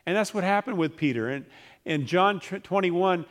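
A man preaching a sermon, reading scripture aloud and acting out the people in it with lively shifts of voice. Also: mid-range voice, normal speed. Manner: animated, acts out voices in scripture retelling.

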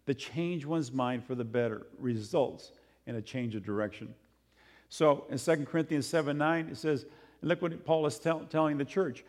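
A man preaching in a relaxed, talky manner. His voice sits at an ordinary middle pitch, and he breaks into lively bursts as he drives home a point. He sounds like a pastor speaking straight to his congregation. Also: moderate pace. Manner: conversational, animated, acts out quotes in other voices. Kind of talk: sermon.

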